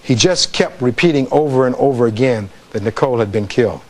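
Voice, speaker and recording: A man's voice: medium pitch, brisk. A man, a defense attorney, giving a closing argument in a courtroom, reading testimony aloud and putting rhetorical questions to the jury.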